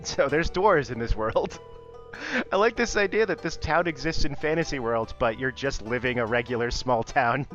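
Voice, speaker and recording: A man's voice: mid-range voice, normal speed. Laid-back man explaining a game. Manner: relaxed explaining, laughs often. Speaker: podcast co-host streaming a game. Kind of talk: casual game-stream chat. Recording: slightly dull audio with faint music.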